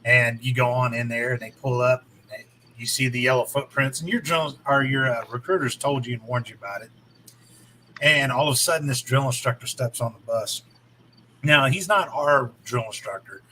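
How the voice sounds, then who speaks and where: Bright-voiced man telling an army story. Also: medium pitch, slight background noise, low-quality recording. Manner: explanatory, drawn-out storytelling. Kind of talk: casual storytelling chat.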